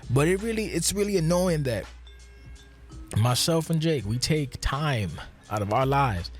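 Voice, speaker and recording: A man hosting a podcast, talking in a casual, profane, rambling rant that swings from low muttering to loud exasperation. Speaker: podcast host.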